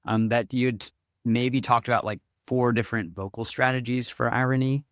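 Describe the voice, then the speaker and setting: A man's voice: mid-range voice, steady tone, normal speed, dry recording, clean studio sound. A man hosting an interview as a speech therapist, asking curious questions in an agreeable, hedging way. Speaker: podcast host, speech therapist. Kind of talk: interview conversation.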